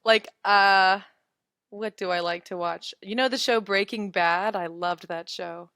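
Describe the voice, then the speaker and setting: A woman's voice: medium pitch, fairly even intonation, measured pace, pushed and bright, clean tone, no echo, clean studio sound. A young woman in her twenties teaching English in a casual live webinar, chatty and giggly as she answers viewer comments.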